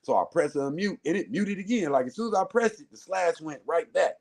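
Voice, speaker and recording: A man from Southern California tells a story as an interview guest, his voice sitting a touch higher than most men's. He talks in a loose, profane, lively way and jumps into other people's voices as he goes. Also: fairly quick, background noise. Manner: animated, profane, acts out quoted voices. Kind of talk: casual storytelling.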